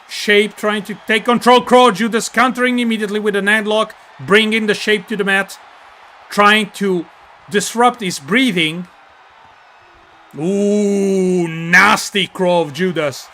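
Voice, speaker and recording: With a high-pitched, sharp voice and a little hiss or hum in the audio, a man with an Italian accent hosts and commentates wrestling. He cracks jokes, reads chat names out loud, and hypes each ring entrance.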